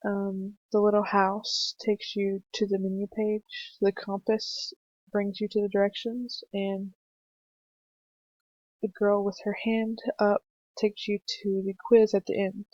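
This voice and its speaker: A young woman narrating a screencast punctuation lesson for children, explaining slowly and patiently with some fillers. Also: medium pitch, flat delivery, a little mellow, dry recording. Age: young adult. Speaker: student teacher presenting a lesson. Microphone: computer mic for a screencast. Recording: dry, slightly dull home mic recording.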